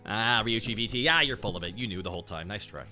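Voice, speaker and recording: A man's voice: on the low side, fast, sharp tone, faint music behind. A man chatting casually and joking with profanity while he streams a game. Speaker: VTuber streamer.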